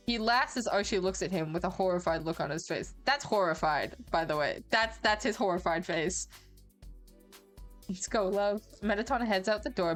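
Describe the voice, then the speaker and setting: Casual streamer woman reading a story. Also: on the low side. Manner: casual, joking, cursing asides.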